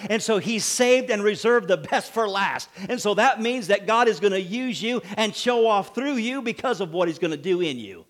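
A man preaching a sermon as pastor, animated, with frequent calls of amen and acted-out quotes. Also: high-pitched.

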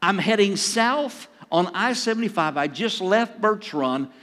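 An older man, preaching a sermon to a congregation in a conversational way and telling a personal story. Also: a little high. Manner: conversational preaching with acted asides and chuckles. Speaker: pastor. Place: church sanctuary. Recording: long reverb in a church hall.

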